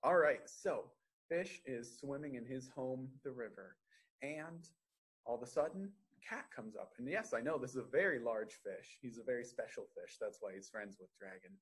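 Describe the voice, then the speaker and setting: A man's voice: medium pitch, moderate pace, breathy edge. Man reading a bedtime story. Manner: gentle, asks the listeners questions. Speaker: children's storytime reader.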